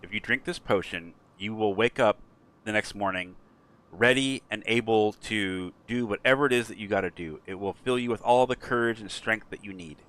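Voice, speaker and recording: A man voicing a calm female fortune teller who speaks in a soothing, matter-of-fact way. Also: lowish voice, moderate pace, natural voice. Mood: reassuring.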